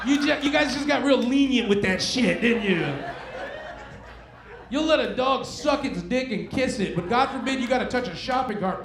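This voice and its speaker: A stand-up comedian with a high, gravelly-edged voice trades casual, crude banter with a comedy club audience. Faint crowd noise can be heard in the echoey room.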